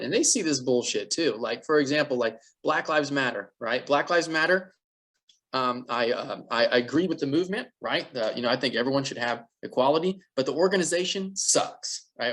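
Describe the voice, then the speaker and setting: A man's voice: mid-range voice, a bit bright. A man co-hosting a podcast, talking bluntly and profanely in a rambling, casual political chat. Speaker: podcast co-host.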